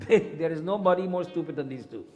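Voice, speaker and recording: A man's voice: on the high side, lively intonation, normal speed, a little mellow, big-room sound, soft background music, close to an everyday voice. A man voicing a dutiful male royal secretary who speaks deferentially.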